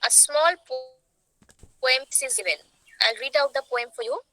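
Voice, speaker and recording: A woman teacher, giving an online class lecture. She talks slowly and repeats points, often checking that students follow. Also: sits high, bright, forceful tone, low-quality recording. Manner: slow, repetitive, checks on students.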